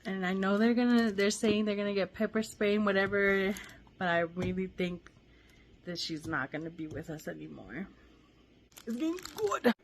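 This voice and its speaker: A woman's voice: medium pitch, lively intonation, moderate pace, slight background noise. A woman hosting a book club, chatting casually and thinking aloud with enthusiasm.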